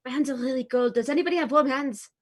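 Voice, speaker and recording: A woman playing a tabletop game, expressive and quick to protest. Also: high-pitched. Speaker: player. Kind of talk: tabletop role-play, in and out of character.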